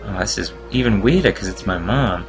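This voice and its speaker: A man's voice: lowish voice, expressive, fairly quick, faint music behind. A man casually commenting on a video game walkthrough, making wry, joking asides as he plays. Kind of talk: casual let's-play commentary.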